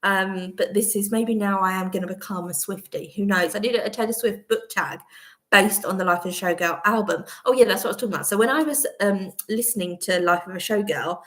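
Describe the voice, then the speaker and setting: A woman's voice: mid-range voice, a little fast, a bit bright. A woman hosting a casual live chat from home, rambling between topics and laughing often. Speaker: vlogger host. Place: at home, indoors.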